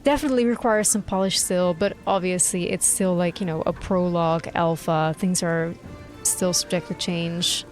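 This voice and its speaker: A woman's voice: lowish voice, normal speed, soft background music. A young woman, chattily commenting on a horror game as she plays. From Netherlands. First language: Dutch. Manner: excitable, chatty, thinks aloud. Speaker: gaming streamer. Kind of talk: gameplay commentary.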